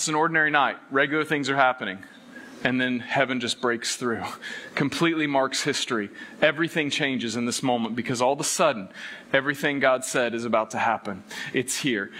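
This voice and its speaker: A middle-aged man preaching a sermon, animated and playful, acting out quotes and jokes between readings. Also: on the high side. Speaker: pastor.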